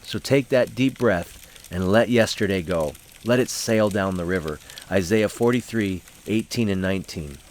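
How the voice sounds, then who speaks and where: A man hosting a casual devotional talk, telling a story with fillers, then slowing down and softening to make reflective points. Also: on the low side. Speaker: host and Bible study leader.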